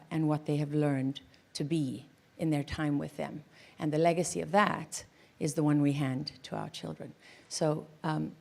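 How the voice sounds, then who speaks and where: A woman giving an earnest, reflective tribute speech at an award ceremony, often pausing on ums and uhs. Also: sits low, creaky, mellow. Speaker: ceremony speaker honoring an award recipient.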